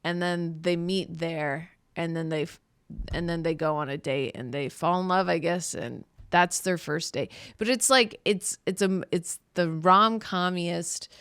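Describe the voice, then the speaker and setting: A woman's voice: on the low side, measured pace, fairly bright tone, clear, resonant tone, dry recording, clean studio sound. Sarcastic rambling woman podcast host. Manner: rambling, sarcastic retelling with self-interruptions. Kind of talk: casual comedic monologue.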